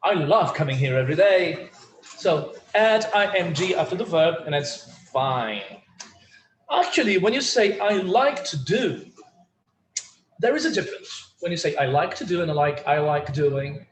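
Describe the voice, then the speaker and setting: A man's voice: a little high, lively intonation, unhurried. A man teaching an online English lesson, chatty and full of fillers, leading the class through phrases to repeat. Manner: chatty, many fillers, drills phrases for repetition. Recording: roomy echo with faint room noise.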